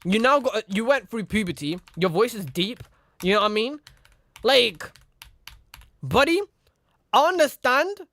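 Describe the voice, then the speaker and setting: A young male streamer with a high, expressive, slightly bright voice tells a rambling story at a fairly quick clip, with no echo. He keeps saying "you know what I mean" and acts out the other people in the tale.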